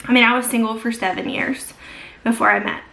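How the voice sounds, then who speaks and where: A woman's voice: fairly high pitch, steady tone, brisk, creaky, pushed and bright. A young woman chatting casually while she does her makeup, gushing and filling her talk with many "like"s. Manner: gushing, filler-heavy, many "like"s. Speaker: beauty vlogger. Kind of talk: casual get-ready-with-me chat.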